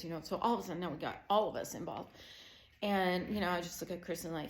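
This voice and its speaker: A middle-aged woman tells a family story in a low-pitched, conversational voice. She speaks as a Christian counselor giving personal testimony, with plenty of "you know" and "um" fillers. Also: fast talker. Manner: conversational storytelling, growing emotional.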